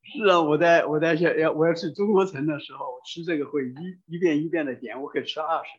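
A man's voice: on the high side, fast talker, husky. A man interpreting a sermon live, fluent, with frequent hesitation fillers. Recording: dull lo-fi sound.

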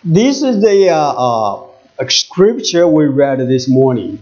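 A man with a Chinese accent preaching in English in short halting phrases, pausing after each for an interpreter. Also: on the high side, very animated, a little mellow, dull audio. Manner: halting, repeats words, pauses for interpreter. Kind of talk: sermon with live interpretation.

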